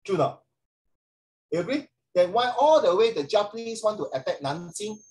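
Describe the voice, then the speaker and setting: A man's voice: sits high, very animated, normal speed, darkish tone, rough recording. A middle-aged Singaporean man giving a chatty classroom lecture as a social studies teacher, with frequent rhetorical tag questions.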